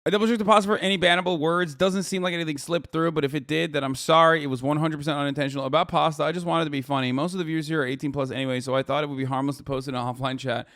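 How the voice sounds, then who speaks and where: A man's voice: on the high side, fairly even intonation, very fast, hardly any pauses, a bit bright, dry recording, studio quality. A man hosting a live stream, joking crudely and rambling in casual chat. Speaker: streamer host.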